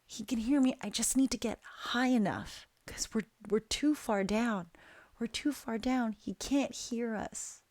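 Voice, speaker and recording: A woman puts on a grieving young mother who begs and repeats herself in a hushed, breathy whisper. The voice sits higher than the storyteller's own. It is dry and close, with no room sound. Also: a little slow, no room sound, close to an everyday voice. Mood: desperate. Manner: repetitive, fixated whispering. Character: grieving desperate young mother, pleading upward.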